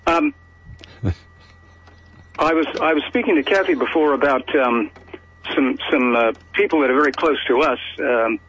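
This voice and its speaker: Halting Australian man calling in. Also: medium pitch, animated, fairly bright tone, slight background noise. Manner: hesitant, halting, many fillers. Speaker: caller. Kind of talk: phoned-in radio chat. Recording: lo-fi radio broadcast.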